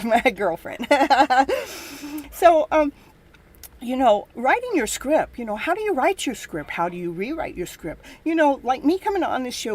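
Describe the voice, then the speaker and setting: A middle-aged woman hosting a live show, chatting casually, upbeat and motivational, laughing often and cheering. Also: sits high. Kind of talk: casual live-stream chat.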